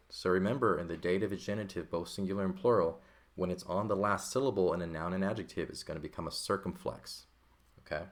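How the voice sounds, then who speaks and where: A man's voice: sits low, a little fast. A man teaching a recorded textbook lesson, explaining patiently and checking in often with "okay" and "right". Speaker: Greek teacher.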